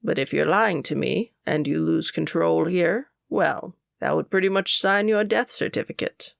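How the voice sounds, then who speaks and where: A woman voicing a stern male school official who speaks in a cold, condescending, lowered voice. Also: normal speed, creaky, a bit bright, no room sound, studio quality. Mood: scornful.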